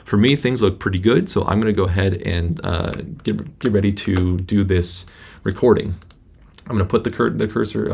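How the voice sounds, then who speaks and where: Male instructor, deep fry in the voice, halting tutorial delivery, laptop mic. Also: darkish tone, a little hiss or hum. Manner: casual, halting, many restarts. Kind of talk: screen-recorded software tutorial. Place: indoor room at a laptop. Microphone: laptop built-in microphone.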